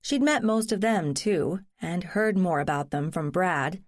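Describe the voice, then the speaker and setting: A woman narrating a mystery audiobook in a measured, even reading voice. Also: on the low side, dry recording, clean studio sound. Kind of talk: scripted narration.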